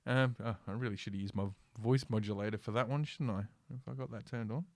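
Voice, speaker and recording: A man's voice: medium pitch, fast, no echo, clean studio sound. A man hosting a casual ranting commentary stream from his computer, reading news aloud with sarcastic, profane asides and lots of fillers. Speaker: host.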